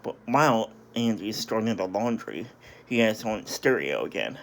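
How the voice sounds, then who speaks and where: A man's voice: lowish voice, very animated, normal speed, vocal fry, fairly bright tone, a little hiss or hum. A man casually recapping a story, hesitant and apologetic, with many restarts and self-corrections. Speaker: video reviewer.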